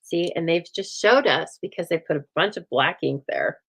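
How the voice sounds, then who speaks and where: A woman with a slightly low voice chats through a stamping session, telling a story in an easygoing way. She acts out the lines of the people in it with animated, playful delivery. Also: moderate pace, creaky, slightly rough, low-quality recording. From United States. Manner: chatty, animated storytelling with voiced quotes and laughs. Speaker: stamping craft host. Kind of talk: casual storytelling while crafting.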